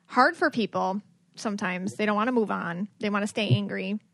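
A woman's voice: mid-range voice, fairly quick, fairly bright tone, rough recording. A woman hosting a podcast in casual conversation, chatty and affirming. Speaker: podcast host.

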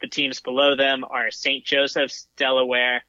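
A man's voice: medium pitch, completely flat delivery, a little slow, bright, forceful tone, no echo, dull audio. A man co-hosting a sports podcast, casually reading out stats and hedging his opinions. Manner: thoughtful, hedging, reads out stats. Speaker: podcast co-host.

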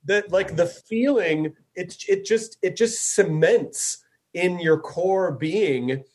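A man hosting a casual chat, enthusiastic and loose, with plenty of fillers and casual swearing. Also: a little high. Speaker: podcast host.

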